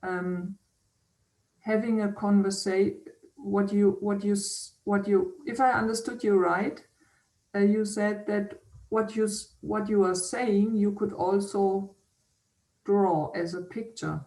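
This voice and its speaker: Slow, hesitant woman, echoey and distant. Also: mid-range voice, fairly even intonation. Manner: hesitant, gentle, many false starts. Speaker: interviewer. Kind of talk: casual interview conversation. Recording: roomy, distant from the mic.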